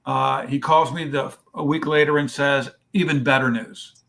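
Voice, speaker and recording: Man, charity founder, storyteller, acts out dialogue, mid pitch. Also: fairly even intonation, normal speed, creaky, a bit bright. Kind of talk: telling a story in a podcast interview.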